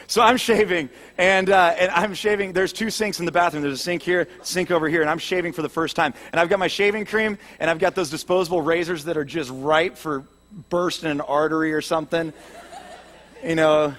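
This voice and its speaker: A man's voice: on the high side, brisk, a bit bright. A man giving a sermon as a pastor, telling a story with self-mocking jokes and turning earnest when he speaks of growing up. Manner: humorous, self-deprecating storytelling.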